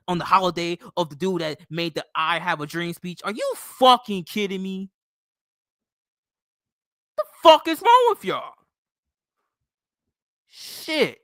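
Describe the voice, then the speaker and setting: A man's voice: fairly high pitch, pushed and bright, no echo, studio quality. Heated swearing man on his sports channel. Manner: heated, swearing, repeats "bro" and "okay". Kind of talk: casual profane sports rant.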